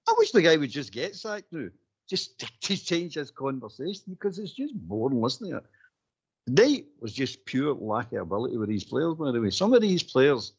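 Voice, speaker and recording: Husky Scottish man ranting, voice rising. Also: mid-range voice, a little mellow. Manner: exasperated, repeats his words, laughs while he talks. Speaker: co-host. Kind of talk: football phone-in chat. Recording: dull lo-fi audio.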